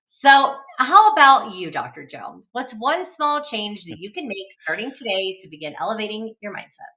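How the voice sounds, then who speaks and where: Bright upbeat woman, slightly distant. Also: mid-range voice, sing-song, normal speed. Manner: upbeat, encouraging. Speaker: co-host. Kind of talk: casual motivational chat.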